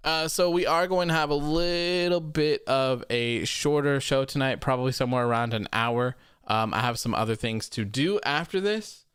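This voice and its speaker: A young man hosting a wrestling post-show livestream, chatting casually with a rambling, relaxed manner and reading out viewer comments. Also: medium pitch, moderate pace, clean tone, no room sound, clean studio sound. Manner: rambling and relaxed, many fillers and repeats.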